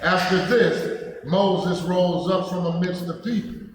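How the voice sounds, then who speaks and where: A man reading scripture aloud in a measured, deliberate way during a Bible study. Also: high-pitched, steady tone. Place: church hall. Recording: distant mic in an echoey hall with faint noise.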